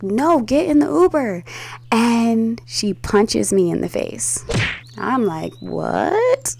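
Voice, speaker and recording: A woman telling a story to camera in a loose, casual way. She has a gravelly, creaky edge to her voice. She springs into quoted lines with sudden high jumps and curses freely. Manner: animated, acts out quoted voices with big pitch jumps, swears freely. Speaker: storyteller recounting a trip.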